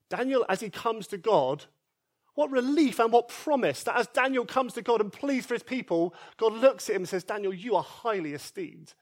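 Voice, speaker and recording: Male pastor, high voice, earnest sermon delivery, builds to loud pleas then drops soft. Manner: earnest and emphatic, repeats key phrases, swings between loud pleas and soft quiet lines. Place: church service.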